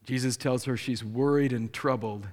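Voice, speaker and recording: A man preaching a sermon as pastor, animated, acting out the people he quotes with sudden jumps in pitch. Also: normal speed. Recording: long hall reverb.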